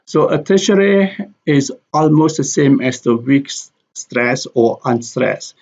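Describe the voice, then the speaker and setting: A man teaching English pronunciation in a slow lesson, carefully repeating example words. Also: mid-range voice, animated, darkish tone, highs cut off.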